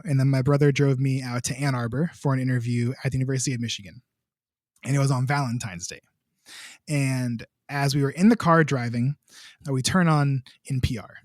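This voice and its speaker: Man, young adult, composer, casual rambling storytelling, lots of fillers, mid pitch, dry close sound. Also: steady tone, a little fast, no echo. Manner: chatty, rambling, many filler words. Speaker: composer, podcast guest.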